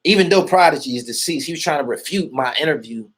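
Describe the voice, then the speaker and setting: A man's voice: fairly high pitch, lively intonation, quick pace, slightly rough. Boastful, profane man talking casually. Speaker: interviewee. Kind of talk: casual street talk.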